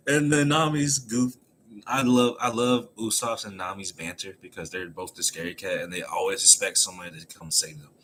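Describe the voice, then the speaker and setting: A man's voice: sits low, fairly quick, slight background noise. Laughing man recapping a comic chapter. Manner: animated, laughs often, acts out quotes. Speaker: anime chapter reviewer, streamer. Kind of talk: casual chapter recap on stream. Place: home room.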